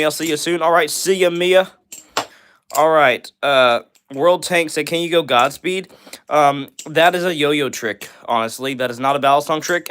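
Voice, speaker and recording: A man's voice: on the high side, fairly bright tone. Upbeat young man chatting on a live stream. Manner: friendly, upbeat, says "bro" and "all right" a lot. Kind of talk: casual live stream chat reading comments.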